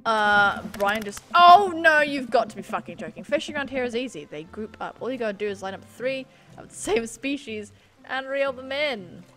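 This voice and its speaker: Woman streamer, bright lively voice, excitable and sweary commentary over a game. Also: on the high side, normal speed. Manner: excitable, swearing, sudden loud outbursts. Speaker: gaming streamer. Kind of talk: let's play commentary reading game text.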